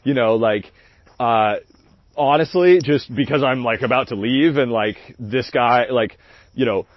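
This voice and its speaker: A man's voice: medium pitch, a little slow, no room sound. A man hosting a stream, telling a story in a candid, rambling, profane way with frequent laughter. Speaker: host of a livestream. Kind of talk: casual storytelling. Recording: dull, dry lo-fi sound.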